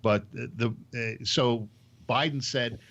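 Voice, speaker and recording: A man with a New York accent chatting on a panel, halting and full of fillers. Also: medium pitch, steady tone, gravelly, fairly bright tone. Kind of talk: casual panel chat. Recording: dull lo-fi sound.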